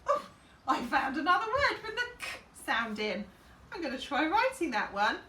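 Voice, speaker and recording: A woman teacher takes young children through a phonics lesson, sounding out every phoneme and thinking aloud as she goes. Her voice is bright and very lively in pitch. It is captured from some distance in a roomy space with a faint hum behind it. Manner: slow and deliberate, sounding out each phoneme, talking herself through it. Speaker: infant school teacher.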